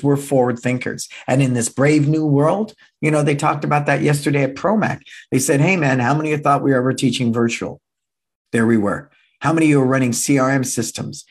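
A man in his sixties, a martial arts school owner, gives an energetic motivational seminar talk, repeating key phrases and acting out quoted voices. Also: medium pitch, slightly rough. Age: 60s.

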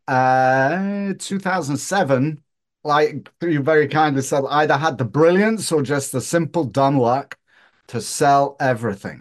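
Joking Northern English man, guest. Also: medium pitch. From Northern England. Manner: joking, self-deprecating storyteller. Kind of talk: casual interview chat.

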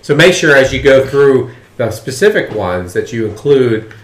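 A man with a mid-range voice hosts a podcast, reading out listings and sign-offs at a steady, plain pace. The sound is roomy and echoey. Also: medium pitch, normal speed. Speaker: podcast host. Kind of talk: casual chat and reading out listings.

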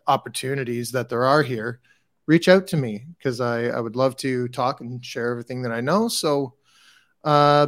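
A man's voice: medium pitch, no room sound. Chatty male podcast co-host, dry sound. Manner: relaxed, chatty, restarts and fillers. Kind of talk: casual podcast chat.

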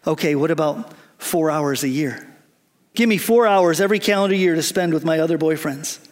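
A man's voice: on the high side, a little fast, lightly acted. A man voicing an eager, fickle young woman who gushes and bargains with her fiancé. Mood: bargaining. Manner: pleading, bargaining, gushing.

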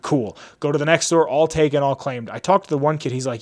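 A man's voice: on the high side, fast. A young man hosting a podcast, telling a long casual story in a rambling way, full of "like" and acted-out dialogue. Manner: rambling, animated retelling with lots of "like" and quoted dialogue. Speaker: podcast host.

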